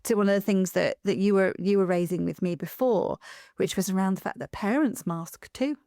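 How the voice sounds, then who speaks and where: A woman hosting a podcast, talking in an emphatic, animated way with quick asides. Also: mid-range voice, dry recording, clean studio sound. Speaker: podcast host. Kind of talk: conversational podcast interview.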